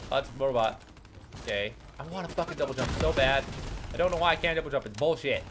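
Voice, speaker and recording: A man's voice: a little high, lively intonation, fairly quick, slight background noise. A man doing let's play commentary, swearing and complaining at the game as he plays. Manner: profane, exasperated, yelling at the game. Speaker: gaming YouTuber.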